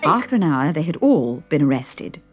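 A woman narrating a storybook in an expressive, lively reading, with faint music behind. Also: deep voice, moderate pace, slightly rough.

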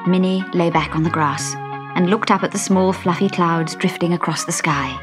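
A woman narrating a children's storybook with an expressive, animated reading. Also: on the low side, moderate pace. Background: background music.

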